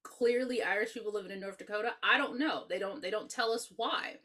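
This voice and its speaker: A woman co-hosting a podcast, reviewing a horror movie in a casual, animated, profane chat and laughing often. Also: medium pitch, brisk. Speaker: podcast co-host.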